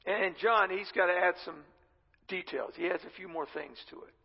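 A man's voice: high voice, normal speed, creaky. A male pastor preaching a sermon, retelling a scripture story in his own conversational words. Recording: reverberant dull-sounding hall.

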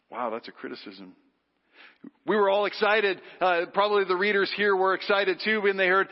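A man preaching a sermon, animated, leading the congregation in call-and-response. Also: high voice, normal speed. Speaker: pastor. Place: church sanctuary. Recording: dull sound with long hall reverb.

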